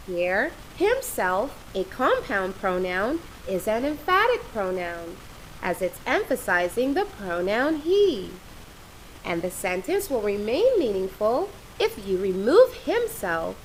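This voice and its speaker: A woman explains grammar at an unhurried pace. Her pitch is a little high and swings widely as she stresses each example. A faint hiss sits under the recording. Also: very animated, poor audio. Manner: patient, repeats examples with careful emphasis. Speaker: English grammar teacher. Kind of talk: slow, deliberate classroom explanation.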